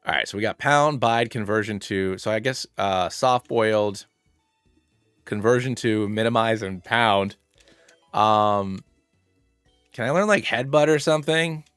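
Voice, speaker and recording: A man streaming a game live, rambling through his moves and excitedly thanking viewers by name. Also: on the low side, measured pace, smooth, dry recording, studio quality, soft background music. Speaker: streamer playing a fusion monster game. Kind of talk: casual live-stream chat and game commentary.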